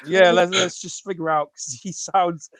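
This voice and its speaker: A man's voice: high voice, fairly even intonation, normal speed, crowd noise. A man on a live stream who talks in a chatty, speculative way.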